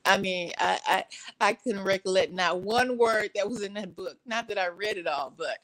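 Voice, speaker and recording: A woman, from Texas, telling a story in casual chat from her couch at home, animated and laughing, playfully shifting her voice. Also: medium pitch, normal speed, poor audio.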